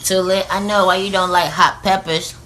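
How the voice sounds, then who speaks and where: A woman's voice: fairly low pitch, fairly even intonation, normal speed, pushed and bright, slight background noise, low-quality recording. A woman bantering casually and telling a pun. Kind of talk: casual chat.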